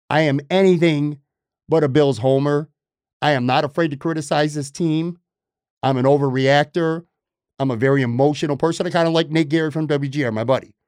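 A man talks into a close podcast mic, his voice sitting a touch higher than most men's. He delivers emphatic, opinionated sports commentary, restarting phrases as he pushes his point. The sound is dry, with no room around it. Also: a little mellow, clear, resonant tone, no echo. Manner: emphatic, opinionated, self-correcting. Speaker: podcast host.

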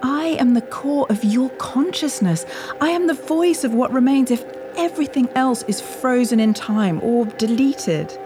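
A woman's voice: sits high, unhurried. A woman with a British accent, playing the lecturing inner voice of a man's primal brain in an audio drama. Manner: condescending, lecturing, sharp. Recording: voice over music bed.

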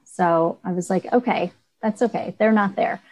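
Earnest woman artist, warm tone. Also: medium pitch, normal speed, low-quality recording. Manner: earnest, animated storytelling. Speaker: artist and coaching student. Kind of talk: coaching call.

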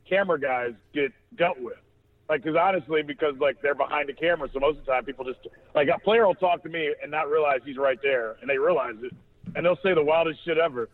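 A man's voice: a little high, narrow, tinny audio. A man hosting a sports podcast, talking in a loose, profane, rambling way with many restarts. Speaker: podcast host. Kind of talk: casual sports chat.

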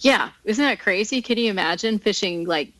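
A woman's voice: medium pitch, animated, moderate pace, a bit bright, dry recording, poor audio. A woman talking casually as a guest, telling fishing stories with frequent laughter. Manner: chatty, laughs often, storytelling. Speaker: guest angler. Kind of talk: casual interview chat.

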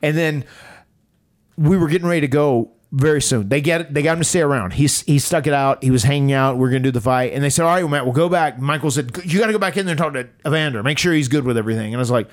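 Casting: male podcast host, higher voice, lively storyteller who acts out quotes. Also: fast talker. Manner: animated, acts out quotes with rising pitch. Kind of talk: casual storytelling.

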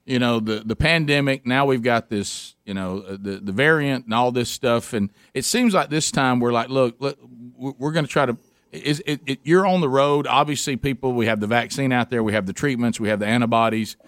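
Radio show host guy, mid pitch, talks fast and stumbles over his words, dry studio mic. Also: no room sound. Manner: chatty, repeats words when excited, laughs along. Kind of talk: casual radio talk show chat.

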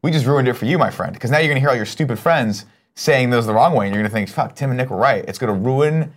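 A man's voice: medium pitch, fast. A man hosting a casual live show, reading viewer messages aloud with brash, profane jokes. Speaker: show host reading chat. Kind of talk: casual live-stream chat.

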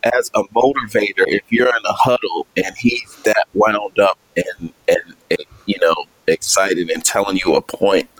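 A man talking casually as a sports reporter guest on a podcast, relaxed, with fillers and laughs. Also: fairly low pitch, normal speed, few pauses, dry recording.

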